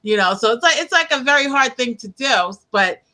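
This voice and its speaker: A woman with a New York accent hosts a casual interview over a video call from her book-lined room at home. Her voice is bright and forward, and she talks in a chatty, animated way, full of restarts and fillers. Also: high-pitched, brisk. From United States, Northeast.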